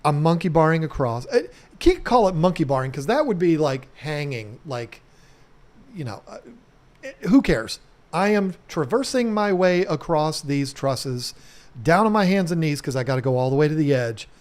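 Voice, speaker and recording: A middle-aged man telling a casual story to camera as a home restoration vlogger, animated, swearing casually and mimicking sounds. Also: fairly high pitch, moderate pace.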